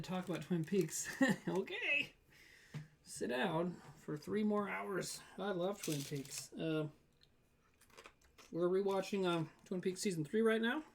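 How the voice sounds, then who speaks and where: A man chatting casually with viewers on a live stream, rambling and trailing off as he reads the chat. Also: sits high. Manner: rambling and loose, trailing off with fillers while reading chat.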